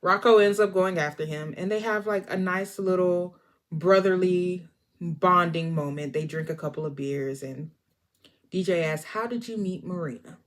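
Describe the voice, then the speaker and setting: Animated woman retelling a movie. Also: on the low side, measured pace. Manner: animated storyteller, acts out the characters. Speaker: movie reviewer. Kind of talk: casual movie recap vlog.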